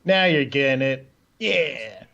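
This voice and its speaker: A man of middle pitch talks loosely and rambles through casual podcast chat, dropping curse words as he goes. His audio sounds muffled and lo-fi. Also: expressive, slow, gravelly, pushed and bright. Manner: loose, rambling, swears freely. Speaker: podcast co-host.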